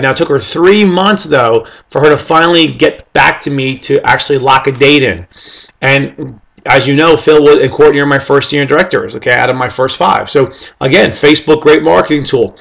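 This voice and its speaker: Man, gravelly, slightly high voice, casual motivational storytelling, animated, acts out dialogue. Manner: animated, acts out quoted conversations; addresses listeners directly with "okay?" and "guys". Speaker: network marketing team leader.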